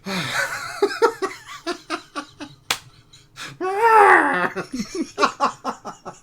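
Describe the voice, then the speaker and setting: Woman, livestream co-host, casual gaming chat, frequent laughter, slow pace, lively intonation. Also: very high voice. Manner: laughs often, exclaims a lot.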